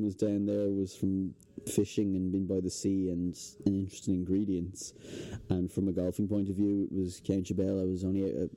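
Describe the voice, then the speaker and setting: A young Irish man, a guest on a podcast, telling relaxed stories in casual chat. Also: sits low. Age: young adult. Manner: relaxed storytelling with fillers. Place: indoors, hotel podcast setting.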